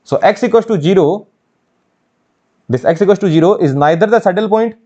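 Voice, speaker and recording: Indian guy teaching math, asks then answers himself, repeats stuff, kinda high pitched, dull audio. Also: expressive, brisk, dark tone. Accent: Indian English. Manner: asks questions and answers them himself, repeats key phrases. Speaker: engineering mathematics teacher. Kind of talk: online exam-prep lecture.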